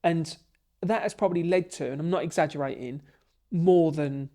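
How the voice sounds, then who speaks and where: A man in a podcast interview, telling his story with lively, emotional energy. His voice sits a bit high for a man and has a gravelly fry running through it. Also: moderate pace. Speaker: podcast guest, bricklaying tutor.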